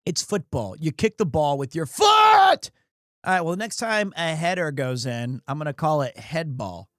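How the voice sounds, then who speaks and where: A man riffs through casual sports commentary, rambling, crude and quick to mock himself. His voice sits notably high. The sound is dry and close, with no room echo. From United States. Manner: rambling, crude, self-mocking. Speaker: streamer.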